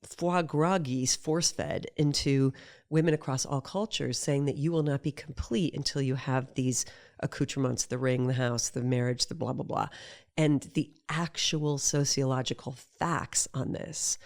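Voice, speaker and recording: A middle-aged woman, a guest in a casual conversation, talking in an animated way and acting out quoted voices as she tells her stories. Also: very deep voice, a little slow. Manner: animated storyteller who acts out quoted voices.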